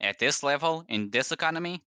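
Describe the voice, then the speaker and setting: A man playing a tabletop game, joking and asking quick rules questions. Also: on the high side, animated, bright, forceful tone, smooth, dry recording. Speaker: player.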